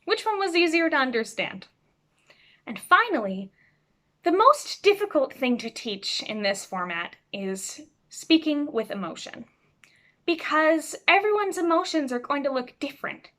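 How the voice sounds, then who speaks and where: A woman teaching students over a video call, speaking clearly and expressively as she explains reading aloud. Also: sits high, a little slow. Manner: clear, expressive, demonstrates voices. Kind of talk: instructional talk to students.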